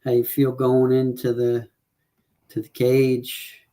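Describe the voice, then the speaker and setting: His voice is mid-range, mellow and monotone, and he talks slowly. He co-hosts a casual show making fight predictions, rambling over stats and confirming numbers out loud with many filler words.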